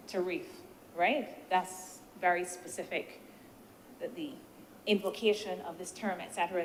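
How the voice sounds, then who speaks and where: A woman senator giving a measured, deliberative speech in a senate debate, posing rhetorical questions as she weighs the points. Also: mid-range voice. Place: senate chamber. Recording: reverberant chamber with faint background noise.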